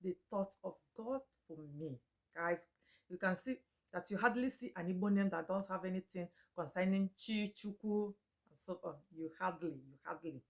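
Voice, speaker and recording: Woman, casual language lesson, repeats words slowly, laughs often, fairly low voice. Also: a little mellow. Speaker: Igbo language teacher.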